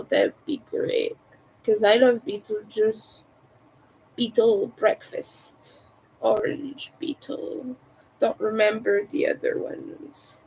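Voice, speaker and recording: French-accented woman streamer, unhurried, slightly high voice, crisp T's. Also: a little mellow, low-quality recording. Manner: carefully overpronounces her T's. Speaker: crochet livestreamer. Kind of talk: casual livestream chat.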